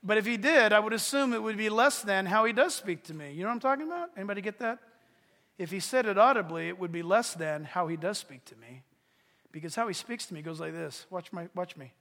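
A man preaching a sermon as pastor, animated and swinging from hushed asides to shouts. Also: high voice, quick pace, big-room sound. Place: church.

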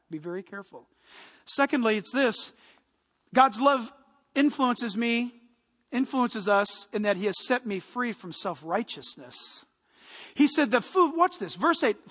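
Animated high-voiced pastor preaching. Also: male voice, unhurried. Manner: animated, conversational, addresses the congregation directly. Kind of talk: sermon. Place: church hall. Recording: echoey hall reverb.

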